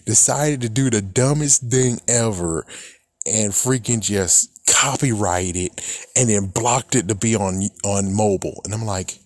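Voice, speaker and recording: A man's voice: fairly low pitch, darkish tone, no echo. A man on a YouTube channel, talking in a casual, rambling rant, frustrated and swearing often. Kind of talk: casual ranting vlog.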